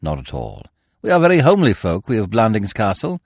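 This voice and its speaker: A suave, unflappable young gentleman in a storybook reading, as a man reads him, given to languid, mock-solemn speeches. His low voice rolls through very animated rises and falls, heard dry and close. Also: brisk, creaky, no echo, exaggerated voice.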